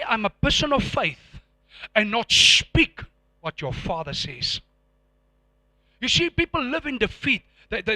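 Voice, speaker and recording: High, lively, bright-voiced male preacher. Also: no room sound. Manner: emphatic call-and-response preaching, repeats phrases. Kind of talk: sermon. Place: church before a live congregation.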